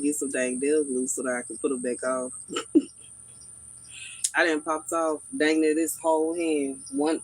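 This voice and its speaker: A woman's voice: low voice, darkish tone, a little hiss or hum, poor audio. A woman with a Southern accent chatting casually and thinking aloud to viewers on a livestream from her garden. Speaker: livestream host. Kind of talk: casual live chat with viewers. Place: outdoors in a garden.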